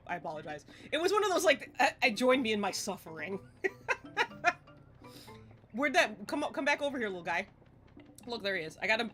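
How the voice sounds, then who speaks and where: A woman of about forty chatting casually while streaming a game live, excitable and swearing, often laughing and yelping at the screen. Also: a little high. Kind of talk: live gameplay stream chat. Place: home streaming setup in front of a green screen.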